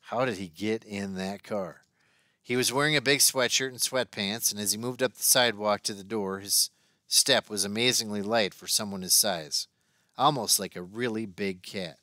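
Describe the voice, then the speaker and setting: A man reading an audiobook aloud in a steady, expressive narration. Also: fairly low pitch, normal speed, dry recording, studio quality. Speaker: audiobook reader.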